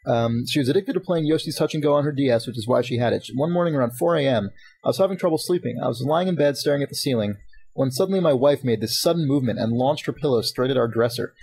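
A man's voice: mid-range voice, husky, rough recording. A man hosting a casual podcast, reading listener emails aloud and chatting, laughing often. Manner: fast-talking, animated, laughs often. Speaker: podcast host.

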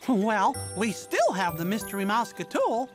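A woman's voice: mid-range voice, huge pitch swings, moderate pace. A woman voicing a cheerful male cartoon mouse who leads the way and coaxes viewers to call out, over background music. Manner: upbeat, coaxing the audience to call out.

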